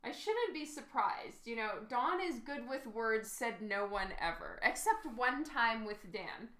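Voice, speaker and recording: Woman in her 30s, giggly streamer chatting with viewers while drawing; unhurried, roomy echo. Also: fairly high pitch, expressive, a bit bright. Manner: giggly, chatty, reads chat aloud. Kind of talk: casual chat with live-stream viewers.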